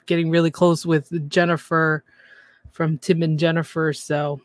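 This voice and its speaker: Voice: mid-range voice, measured pace, no echo, studio quality. A podcast co-host giving a casual, chatty recap of a reality TV episode, often slipping into mocking impressions of the cast. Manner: chatty, lively, mimics cast members mockingly.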